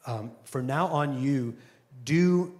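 A man voicing a calm, patient teacher, speaking slowly and solemnly. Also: mid-range voice, voice pushed down, lightly acted.

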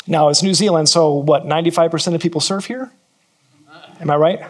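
A man's voice: fairly high pitch, brisk. A man from California, preaching a sermon to a church and repeating key phrases for emphasis. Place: church in New Zealand.

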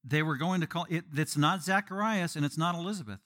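A male pastor preaching through scripture with a somewhat high voice. He is emphatic and animated. He breaks into quick, joking asides to his listeners. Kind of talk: expository sermon.

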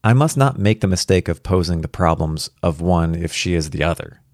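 A man reading a first-person story aloud as a worried father, in an earnest, reflective and quietly anxious way. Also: sits low, lively intonation, moderate pace, no echo, studio quality.

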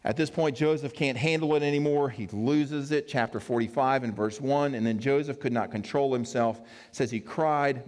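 A man preaching a sermon, telling the story in a lively way and acting out the quoted characters with playful asides. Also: medium pitch, moderate pace, few pauses. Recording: long reverb of a hall.

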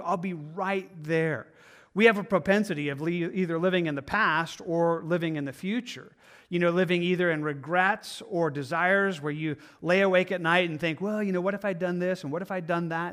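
A man's voice: high voice, fairly bright tone. A male pastor preaching a sermon in an earnest, conversational way, sometimes acting out the inner voices of his listeners.

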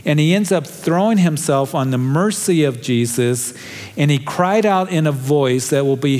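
A man's voice: on the high side, lively intonation, moderate pace, darkish tone. A man preaching a sermon, earnest and emphatic, pressing his appeals with rising conviction. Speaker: pastor.

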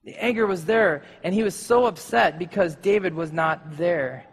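A man's voice: high voice, normal speed, breathy edge, big-room sound. A man preaching a sermon in a casual way, with joking asides, acting out the scenes. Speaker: pastor.

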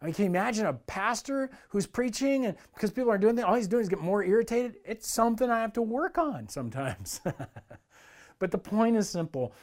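Pastor, male, fairly high voice, earnest conversational sermon delivery. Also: sing-song, brisk, a little mellow. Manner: earnest, conversational preaching that acts out quoted complaints.

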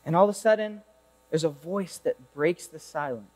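Recorded in a large hall, this male preacher has a voice on the high side at a normal speed. His sermon is lively and conversational as he tells a Bible story and poses rhetorical questions to the audience.

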